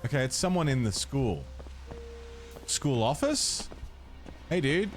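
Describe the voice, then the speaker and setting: A man's voice: medium pitch, big pitch swings, slow, soft background music. Laid-back swearing gaming streamer man. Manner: laid-back, swears and laughs, chats with viewers. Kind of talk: casual let's-play chat.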